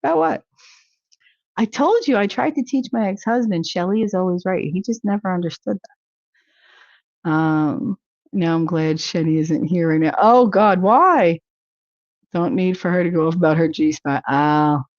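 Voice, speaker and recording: A woman's voice: fairly low pitch, measured pace, darkish tone, no echo, highs cut off. A woman hosting a casual livestream talk show, chatting with viewers in a rambling way and laughing easily. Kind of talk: casual chat reacting to viewer comments.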